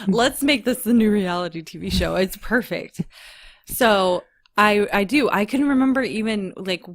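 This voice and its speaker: A woman co-hosting a podcast, telling a story in a giggly, animated way. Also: mid-range voice, unhurried, pauses often. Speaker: podcast co-host. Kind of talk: casual chat.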